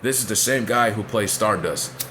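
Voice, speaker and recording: A man's voice: on the low side, moderate pace, bright, forceful tone, soft background music. A man ranting in a blunt, profane way in casual talk, often asking if you know what he's saying. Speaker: wrestling commentator vlogger. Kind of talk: casual opinion rant.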